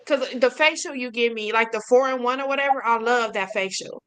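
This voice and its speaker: An earnest woman who rambles through her answers and fills the gaps with hesitations. Her voice is high and bright. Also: fairly quick, clear, resonant tone. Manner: earnest, rambling, full of fillers. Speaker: guest. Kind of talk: casual interview chat.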